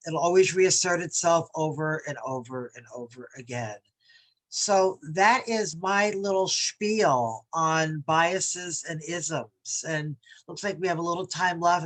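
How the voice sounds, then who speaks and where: A woman's voice: fairly low pitch, a bit bright. A woman from New York leading a workshop on bias, talking conversationally and reading quotes aloud with emphasis. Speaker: diversity workshop presenter.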